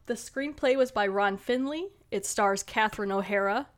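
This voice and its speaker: A woman's voice: medium pitch, moderate pace. A woman hosting a casual podcast, playful and laughing often as she reads out credits. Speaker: podcast host.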